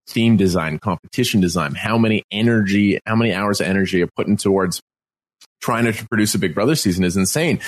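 A man co-hosting a podcast from home, talking in an earnest, reassuring way and repeating himself for emphasis. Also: lowish voice. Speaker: podcast co-host. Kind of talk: casual podcast chat. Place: at home, self-isolating.

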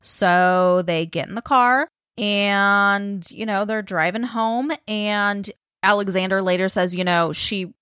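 A woman's voice: medium pitch, fairly bright tone, smooth, no room sound. Woman podcast co-host, casual true-crime storyteller, loose and chatty with lots of fillers, mid-range voice, dry close sound. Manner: chatty, filler-heavy, swears freely.

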